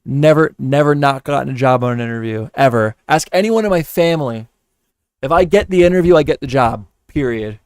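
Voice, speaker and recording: A man hosts a livestream in casual, rambling chat, swearing freely as he tells stories and hands out blunt advice. His voice is smooth and resonant. His pitch sits in an ordinary middle range, and the sound is dry and close. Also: a little fast, no room sound. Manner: rambling, profane storytelling. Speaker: livestream host.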